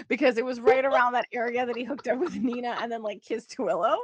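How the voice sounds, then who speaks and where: A woman's voice: on the high side, steady tone, quick pace, hardly any pauses, no room sound. A woman co-hosting a podcast, chatting casually and quoting characters as she recaps. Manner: chatty, quotes characters, laughs often. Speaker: podcast co-host. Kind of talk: casual chat recapping a soap opera.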